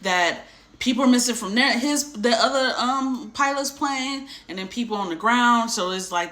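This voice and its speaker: A woman casually retelling a book chapter, acting out the characters' lines in animated voices. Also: fairly high pitch, normal speed, roomy sound. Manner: chatty, acts out quotes in animated voices. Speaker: book discussion host.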